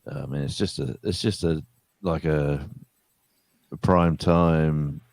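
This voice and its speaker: A middle-aged man talks in a very deep, low voice. He is recorded close and dry. He yarns in a loose, slangy way as he chats with friends on a live stream. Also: fairly even intonation, slow, creaky, darkish tone, no echo. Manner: storytelling with slang and quoted voices. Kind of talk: casual chat on a live stream.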